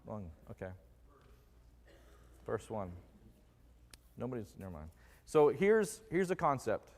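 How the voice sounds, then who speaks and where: A man's voice: mid-range voice, sing-song, slow pace, darkish tone. Man preaching in a reverberant church. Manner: jokey, quizzes the congregation with questions. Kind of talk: conversational sermon. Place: church sanctuary. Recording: long reverb of a church hall.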